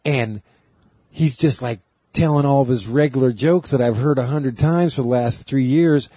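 A man's voice: medium pitch, moderate pace, dark tone, breathy edge, no echo. A man who does stand-up comedy, telling a rambling story in casual chat and laughing along.

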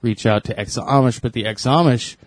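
A man in casual chat, eager and rambling, quick to agree. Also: mid-range voice, dry recording.

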